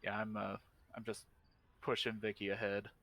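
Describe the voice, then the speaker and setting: A man's voice: lowish voice, completely flat delivery, normal speed, creaky, sharp tone. Man describing his character's moves. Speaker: player. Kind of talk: casual tabletop play.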